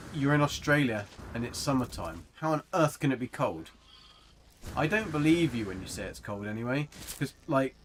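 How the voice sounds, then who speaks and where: British male streamer, chatty and rambling, casual swearing, mid-pitched, faint background hum. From England. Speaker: gaming livestreamer. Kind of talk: casual gameplay commentary.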